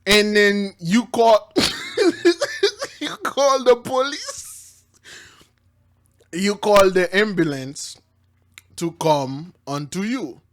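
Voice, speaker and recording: A man giving casual commentary on a news clip, laughing often, saying "man" a lot, and dropping to quiet low asides. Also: big pitch swings, very slow, long pauses. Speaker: online preacher reacting to news.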